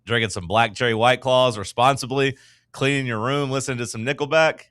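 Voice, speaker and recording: Male sports radio host, bright and forceful, jokey banter. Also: medium pitch, steady tone, smooth, no room sound, studio quality. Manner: loud, jokey, quick to laugh.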